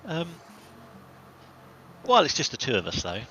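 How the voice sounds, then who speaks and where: A man's voice: fairly high pitch, wildly swooping pitch, normal speed, sharp tone, lo-fi sound, a little hiss or hum. A man playing a tabletop game, speaking playfully and expressively as his character. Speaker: player. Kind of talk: tabletop role-play, in and out of character.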